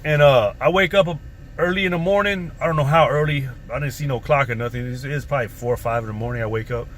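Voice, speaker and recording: A man's voice: medium pitch, quick pace. A man casually telling a story from his past, in a profane, streetwise, rambling way. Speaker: vlogger. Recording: faint background noise.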